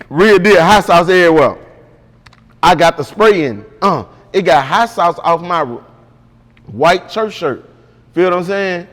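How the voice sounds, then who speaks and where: A man's voice: high-pitched, lively intonation, a little slow, pauses often, fairly bright tone, long reverb tail. A man guest in an interview, telling a story casually and with animation, full of slang and repeated "bro".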